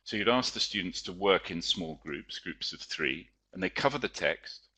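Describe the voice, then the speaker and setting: A male teacher presenting a webinar lecture in a chatty, explanatory way, pausing often on fillers. His voice is low but bright and forceful. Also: lively intonation, slightly rough.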